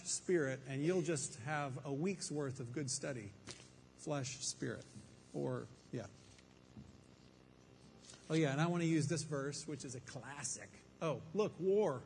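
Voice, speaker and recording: A man's voice: fairly high pitch, a little mellow. A man preaching a Bible teaching to a room full of people, conversational and emphatic, with rhetorical questions. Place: room with an audience. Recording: faint reverb and background noise.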